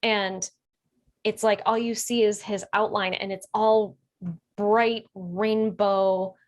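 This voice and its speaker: A woman speaks casually to camera, telling a personal story. She is chatty and animated, laughs easily, and her voice lifts when she gets excited. Her speech is full of fillers and fresh starts. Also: mid-range voice, takes it slowly. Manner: chatty, laughs often, many fillers and restarts. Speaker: holistic healer.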